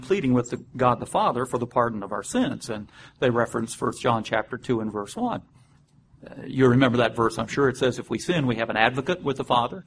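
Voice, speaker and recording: A man leading a relaxed Bible study, talking through the text at his own pace. His pitch sits in an ordinary middle range, and a faint background hiss runs under his voice. He breaks words down letter by letter and fills his pauses with "uh". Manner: unhurried, explains step by step, spells out words, with frequent "uh" and restarts. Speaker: Bible teacher. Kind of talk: conversational Bible study teaching.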